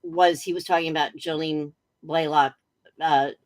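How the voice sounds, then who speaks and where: On a relaxed video-call interview, a middle-aged woman tells amusing stories in an animated way, laughing often. She has a low-pitched voice and talks at normal speed.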